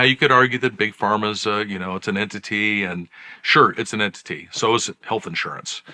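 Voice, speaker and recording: Bright-voiced man talking frankly. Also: lowish voice. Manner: conversational, emphatic, with rhetorical questions. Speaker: psychiatrist, channel host. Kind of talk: direct-to-camera commentary.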